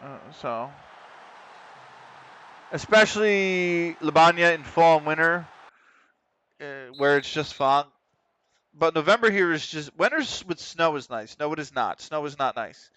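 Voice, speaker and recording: An almost middle-aged American man talks casually on a game stream, cursing freely as his team struggles. His voice is bright and crisp, with a smooth, clean tone. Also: fairly high pitch, big pitch swings, normal speed. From United States. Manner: swears often, frustrated at the match, reads chat. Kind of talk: casual gaming stream chat.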